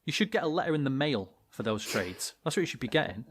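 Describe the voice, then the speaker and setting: A man's voice: mid-range voice, big pitch swings, fast talker. A British man co-hosting a podcast, chatting casually with jokey exaggeration and frequent laughs. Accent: British English. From England. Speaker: podcast co-host. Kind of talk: casual banter.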